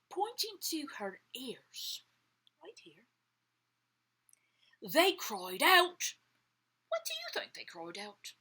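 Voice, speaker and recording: A woman reading a story aloud to children, animated, often dropping to a whisper to ask the listener questions. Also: on the high side, slow, pauses often, slightly rough, rough recording.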